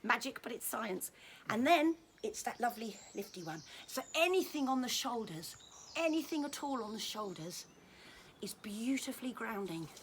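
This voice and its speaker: A fairly high-voiced woman talks through a touch-therapy demonstration in a gentle, chatty way, tossing in little jokes as she goes. There is a faint hiss of noise behind her voice. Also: very animated, normal speed. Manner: gentle, friendly, joking asides. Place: indoors at home during lockdown.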